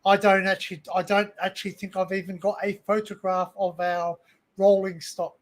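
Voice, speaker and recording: A man's voice: sits high, little pitch movement, normal speed. A man with an Australian accent hosting a casual chat, eager, repeating himself and cutting in. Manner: eager, repeats himself, talks over others. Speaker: host.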